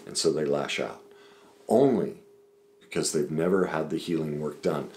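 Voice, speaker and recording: A man's voice: rumbling low, roomy sound, slight background noise. A man giving relationship advice straight to the viewer, emphatic and driving his points home with repeated lists. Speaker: relationship coach. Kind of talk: direct-to-camera advice talk.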